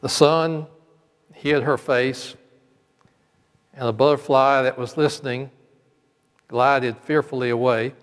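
A male pastor telling a parable during a sermon in a slow, measured storytelling manner. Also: medium pitch, steady tone. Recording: long hall reverb.

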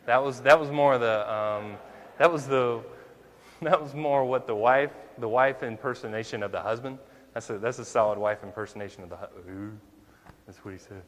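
A man's voice: medium pitch, moderate pace, big-room sound. A male minister preaching a conversational sermon, full of rhetorical questions to the congregation.

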